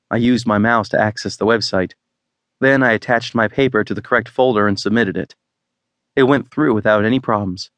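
A man reading a first-person romance novel in a wry, deadpan manner. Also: lowish voice, brisk, dry recording. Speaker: audiobook narrator. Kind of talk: scripted first-person narration.

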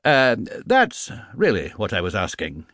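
A man's voice: on the low side, wildly swooping pitch, unhurried, fairly bright tone, no room sound, clean studio sound, heavily acted. A man doing a nervous fussy teacher. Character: fussy nervous male schoolteacher.

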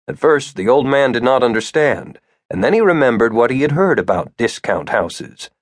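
A man reading an audiobook as narrator, with expressive storytelling. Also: mid-range voice, moderate pace, few pauses, husky, no room sound, studio quality. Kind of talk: scripted narration.

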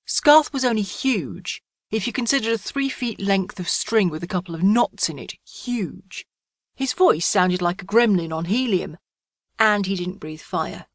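A woman's voice: mid-range voice, animated, a little slow, dry recording, clean studio sound. A woman narrating an audiobook with a wry, comic storytelling manner.

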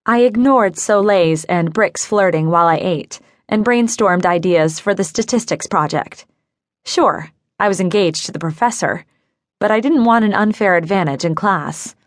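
A woman reading a novel aloud in first person, in a measured, even storytelling manner, close to the mic. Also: fairly low pitch, no echo. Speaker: audiobook narrator. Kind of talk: first-person scripted narration.

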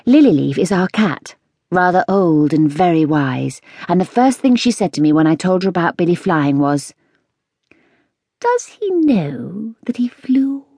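A woman narrating a children's storybook in a lively, expressive reading. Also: sits low, moderate pace, no room sound, clean studio sound. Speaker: audiobook narrator.

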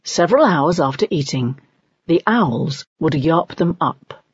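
A woman narrating a children's audiobook in a measured, expressive storytelling manner. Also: low-pitched, breathy edge, dry recording, dull audio. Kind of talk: scripted narration.

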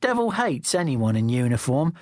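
A male audiobook narrator telling the story in the first person in a wry, chatty way. His voice sits at an average pitch and the recording is close and dry. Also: sing-song, normal speed, no room sound.

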